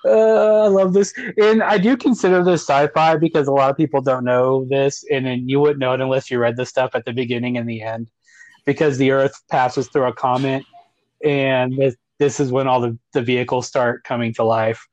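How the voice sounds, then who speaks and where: A man's voice: medium pitch, steady tone, moderate pace, a little mellow, no echo, poor audio. A man hosting a casual movie podcast, laughing often and acting out lines from the film. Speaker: podcast host.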